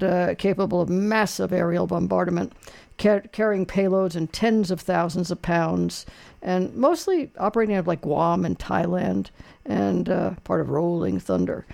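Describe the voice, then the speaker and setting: Man, radio call-in host, gravelly rasp, loose folksy rambling delivery. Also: high voice, a little mellow. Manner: rambling, folksy, lots of fillers and restarts. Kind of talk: casual call-in chat, radio trivia quiz.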